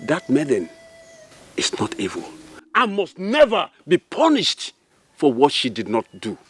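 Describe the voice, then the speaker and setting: A man playing a calm, dignified envoy from a neighbouring village, speaking slowly and solemnly. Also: on the high side, husky, faint music behind, full character voice. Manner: slow, measured, solemn.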